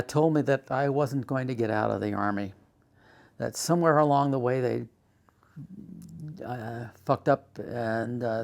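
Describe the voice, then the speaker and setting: An older man recounts his own past in a documentary interview, his voice gravelly and full of fry. He speaks at an ordinary middle pitch, stumbling over restarts and growing more agitated as he goes. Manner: recounts events with rising agitation and halting restarts. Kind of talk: personal storytelling.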